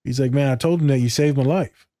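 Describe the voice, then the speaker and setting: A man's voice: medium pitch, fast, warm tone, no room sound, studio quality. A man in casual podcast chat, loose and candid, swearing freely and acting out conversations. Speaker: podcast co-host.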